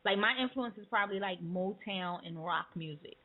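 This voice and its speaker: A woman's voice: mid-range voice, normal speed. A woman hosts the interview with loose, slangy chatter and frequent laughter. Her voice sits in an ordinary middle range. The sound is narrow and tinny, like a phone line. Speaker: radio interview host. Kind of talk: casual chat.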